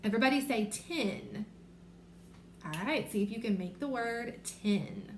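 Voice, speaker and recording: A woman teaching a remote reading lesson to young children, sounding out letters and words slowly and clearly. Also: fairly high pitch, expressive. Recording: echoey room with faint noise.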